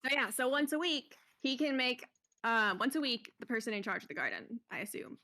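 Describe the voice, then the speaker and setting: A woman's voice: on the high side, lively intonation, a little fast, bright, forceful tone. A woman playing in a tabletop game, explaining her plans in a rambling, hesitant way. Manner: rambling, hesitant, lots of likes. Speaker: player.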